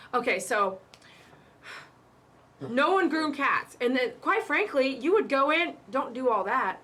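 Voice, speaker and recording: A woman's voice: high-pitched, sing-song, unhurried, long pauses, a bit bright, a little hiss or hum. A woman who works as a pet groomer, hosting a live stream in a casual, emphatic way and repeating her warnings with chatty asides.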